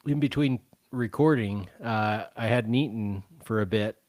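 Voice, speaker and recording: A man's voice: lowish voice, measured pace, darkish tone, no echo. A man hosting a podcast in casual chat, hesitant with lots of fillers. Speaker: podcast host.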